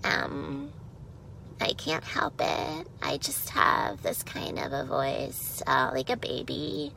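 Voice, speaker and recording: A voiceover actress doing a mocking impression of a grown woman, with a babyish voice full of vocal fry. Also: deep voice, sing-song, takes it slowly, bright, forceful tone, a little hiss or hum, full character voice, poor audio.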